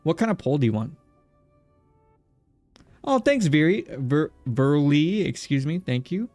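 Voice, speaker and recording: A man's voice: a little high, lively intonation, moderate pace, warm tone, dry recording, faint music behind. A man streaming a visual novel game, joking around and chatting with his viewers and the characters. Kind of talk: casual let's-play chat.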